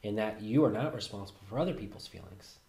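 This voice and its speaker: A man with a fairly low voice gives a calm, reflective self-help talk. His phrases trail off softly at the ends. The sound is roomy and echoey. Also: fast. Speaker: host. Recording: roomy echo.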